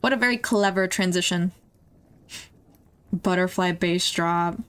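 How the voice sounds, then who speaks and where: A woman's voice: fairly low pitch, measured pace, a bit bright, smooth. A young woman streaming, chatting casually and emotionally as she reacts to music videos, laughing and gasping along the way.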